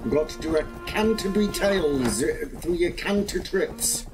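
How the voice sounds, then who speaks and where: A man's voice: on the high side, animated, moderate pace, music in the background. A man casually commenting as he plays a game, rambling and narrating his own moves. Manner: rambling, self-narrating play. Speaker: gaming video host.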